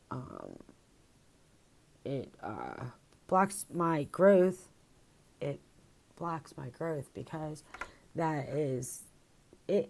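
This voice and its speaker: Slow, low-voiced woman vlogging. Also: warm tone. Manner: rambling, reflective, with frequent fillers and restarts. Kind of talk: casual personal video diary. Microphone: phone.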